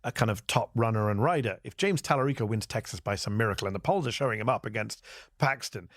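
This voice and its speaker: A man in a political discussion who talks at a fast, analytical pace. The recording is dry and close, with no room sound. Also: on the low side, a bit bright, no room sound.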